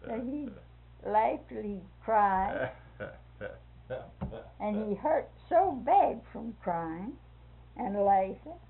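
Gravelly older woman telling stories. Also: medium pitch, extremely slow, long pauses. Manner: lively storyteller who acts out voices and laughs often. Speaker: interviewee telling a family story. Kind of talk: oral history storytelling. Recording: lo-fi phone-like recording.

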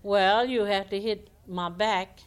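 A woman's voice: mid-range voice, fairly even intonation, slow pace, clear, resonant tone, lightly acted. Woman putting on a grumpy dim-witted alligator. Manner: grumbling, irritable.

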